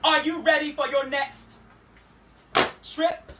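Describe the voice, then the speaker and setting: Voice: sits high, fairly even intonation, takes it slowly, a bit bright, recorded from a distance. A performer voicing a mysterious, teasing Wonderland creature who speaks in riddles and purrs darling. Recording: roomy sound from off-mic with clear noise.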